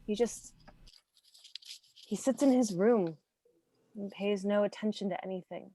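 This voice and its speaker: A woman reading the part of a weary young woman of twenty-three, halting and caught between sobs and laughter. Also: mid-range voice, no echo. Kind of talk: staged play reading.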